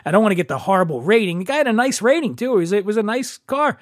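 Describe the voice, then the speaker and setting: A man casually telling a story as a podcast host, animated and acting out the dialogue. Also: rapid-fire, no room sound, studio quality. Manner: animated, acts out dialogue with shifting pitch. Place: brewery.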